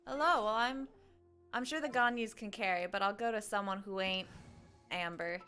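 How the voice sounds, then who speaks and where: A woman's voice: mid-range voice, moderate pace, bright, forceful tone, soft background music. A woman streaming a game, chatting casually with her viewers and talking to herself as she plays. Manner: hums tunes and quotes game lines. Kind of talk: casual gameplay chat.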